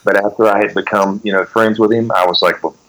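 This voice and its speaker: A man in his forties, a guest in a casual interview, telling animated road stories and swearing freely. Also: lowish voice, fast, slight background noise, low-quality recording. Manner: animated storyteller, swears freely, acts out quotes.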